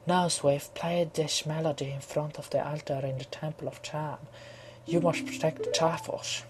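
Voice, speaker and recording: A man's voice: level tone, normal speed, slight background noise, close to an everyday voice. A man reading a young princess's lines from a game in his own unchanged voice, not lightening it. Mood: solemn. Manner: reads her lines in his own low voice. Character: young princess, girl, solemn.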